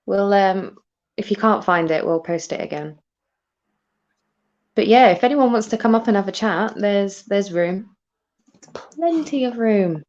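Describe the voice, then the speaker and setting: A woman in her thirties from Britain, hosting a live stream in casual chat, chatty and quick to laugh, often restarting her sentences. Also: medium pitch, animated, darkish tone. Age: 30s. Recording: dull, lo-fi stream audio.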